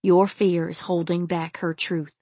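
A woman reading the part of a wise, calm man who speaks firmly and softly in an audiobook. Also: fairly low pitch, a little slow, husky, no echo. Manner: firm, soothing. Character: calm, wise adult male guide.

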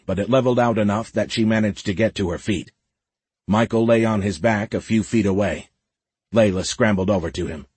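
An audiobook narrator with a low, husky male voice reads scripted narration in a steady, measured storytelling manner. There's no room sound.

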